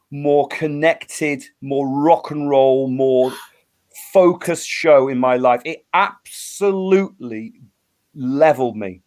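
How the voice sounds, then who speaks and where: Middle-aged male musician guest, slightly high-pitched, animated storyteller with restarts. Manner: animated storyteller, acts out quotes, many restarts. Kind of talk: storytelling in a casual interview.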